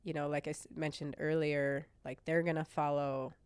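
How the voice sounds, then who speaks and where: A woman's voice: sits low, little pitch movement, moderate pace, darkish tone, clean tone, no room sound. A woman in her thirties from Montana, a podcast guest talking candidly and chattily about her family, cursing now and then. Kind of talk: casual interview chat.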